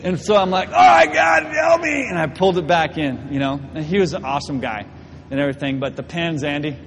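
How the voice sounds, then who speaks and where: A young man preaching to a church, telling a personal story in an animated, laughing way. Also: on the high side, fast, big-room sound, a little hiss or hum. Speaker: pastor. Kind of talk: storytelling sermon. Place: church hall.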